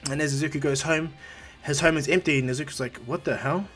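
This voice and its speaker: A man's voice: on the high side, fairly even intonation, fast talker, a bit bright, soft background music. A man, improvising a rambling fan-story retelling and acting out the quotes. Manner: rambling, self-correcting, acts out quotes.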